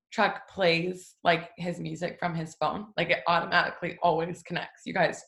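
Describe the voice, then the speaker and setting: A woman's voice: on the low side, vocal fry, a bit bright. A young woman giving a casual, emotional faith talk at home, chatty and full of fillers. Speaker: devotional host. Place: family home. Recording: roomy echo.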